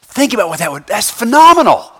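Lively high-voiced pastor preaching. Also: male voice, normal speed. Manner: lively, conversational preaching with constant "right?" asides; casual slangy phrasing. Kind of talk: sermon. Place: church sanctuary with congregation.

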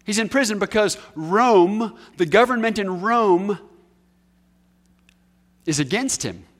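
A male preacher with a high voice delivers a sermon in a conversational way, often turning to ask the listeners questions. He leans hard on key words, then drops to a near hush to let a point land. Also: lively intonation, slow pace. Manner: emphatic, swings from raised highs to hushed lows.

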